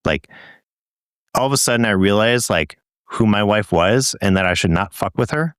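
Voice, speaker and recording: A man with a lowish voice tells a loose, rambling story on a podcast, swearing now and then. The sound is dry and close, with no room echo. It is casual chat between co-hosts. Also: animated, normal speed, fairly bright tone, clear, resonant tone. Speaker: podcast co-host.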